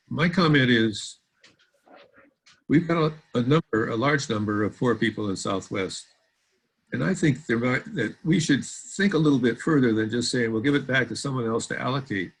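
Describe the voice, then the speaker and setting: A man speaking at a board meeting on a video call, measured and stumbling now and then over his words. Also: medium pitch, breathy edge, low-quality recording. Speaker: board member. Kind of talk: virtual board meeting remarks.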